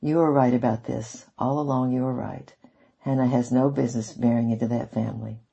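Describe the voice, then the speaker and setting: A man's voice: mid-range voice, steady tone, brisk, gravelly, warm tone, slightly rough, lo-fi sound. A man reading aloud, voicing a mother who exclaims in disbelief. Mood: approving. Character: indignant, astonished mother.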